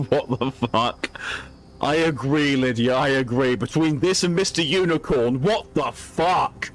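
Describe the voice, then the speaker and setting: A man streaming a video game, chatting casually in an animated way, swearing and reading game text aloud. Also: mid-range voice, a little slow, slight background noise. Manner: animated, swearing, laughing often.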